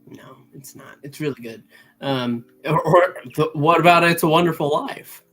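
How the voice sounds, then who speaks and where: A man's voice: on the high side, normal speed, fairly bright tone, poor audio. An American man co-hosting a live fan podcast, playful and giggly in casual chat. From United States. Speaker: podcast co-host.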